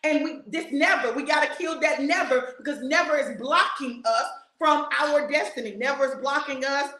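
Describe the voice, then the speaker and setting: A woman's voice: high voice, normal speed. Fiery woman preacher in an echoey room. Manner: fiery, repetitive exhortation with shouts and laughs. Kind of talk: sermon.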